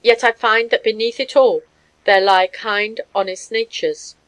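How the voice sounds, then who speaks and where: A woman voicing a passionate Russian man who speaks gravely and pleads earnestly. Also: fairly high pitch, steady tone, unhurried, fairly bright tone, rough recording.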